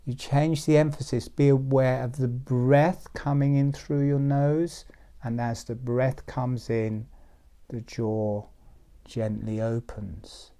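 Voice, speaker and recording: A man leading a guided breathing meditation, giving calm step-by-step instructions. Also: medium pitch, clean tone. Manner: slow, soothing step-by-step instructions. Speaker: meditation teacher.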